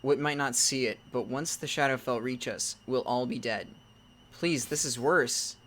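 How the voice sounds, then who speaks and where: A man's voice: medium pitch, measured pace. Man reading a text adventure aloud. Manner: reads game text aloud, then breaks off into loud startled exclamations. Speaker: let's-play gamer reading a text game aloud.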